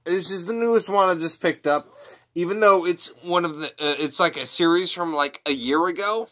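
A man's voice: sits high, moderate pace, pushed and bright. A man chatting casually at home on his couch, a wrestling figure collector who rambles and throws in crude jokey asides. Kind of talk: casual unboxing chat.

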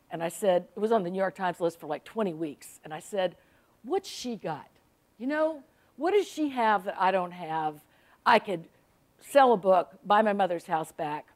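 A woman, an author telling funny stories to a library audience in a chatty, self-mocking way. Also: on the low side. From South Carolina. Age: 60s. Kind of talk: humorous storytelling talk to an audience. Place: public library event.

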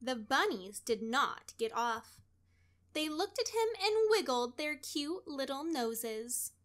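The speaker is a woman reading from a children's storybook. Her voice sits high, and she tells the tale expressively and with deliberate care.

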